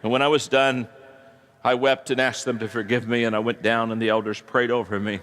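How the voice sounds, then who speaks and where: A man who is a pastor, preaching a sermon and telling stories, swinging from hushed to loud. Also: mid-range voice, little pitch movement, fairly quick.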